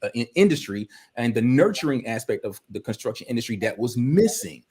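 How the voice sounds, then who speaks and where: A man's voice: medium pitch, a little fast, husky. Easygoing guy guest just talking, informal, storytelling vibe. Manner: relaxed storyteller, many restarts and fillers, informal grammar. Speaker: guest, video producer. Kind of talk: casual interview chat.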